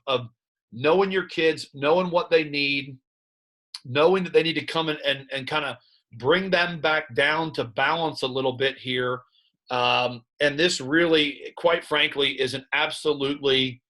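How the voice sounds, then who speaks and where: A man who coaches high school football, breaking down game film in conversation and telling animated stories about his players and staff. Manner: animated storyteller recounting sideline moments; plain coaching talk about play calls.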